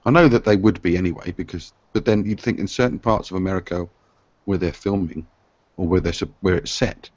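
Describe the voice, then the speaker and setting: A man with a very low voice rambles chattily through a casual group discussion. The sound is dull and lo-fi. The room adds almost no echo, so the voice sits close and dry. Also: steady tone, brisk. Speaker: panelist.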